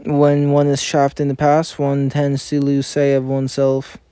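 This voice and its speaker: Man reading game dialogue in a flat, even voice. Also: mid-range voice, measured pace, clean tone, no echo. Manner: even, unacted reading with frequent stumbles and self-corrections. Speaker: reader of game story scenes.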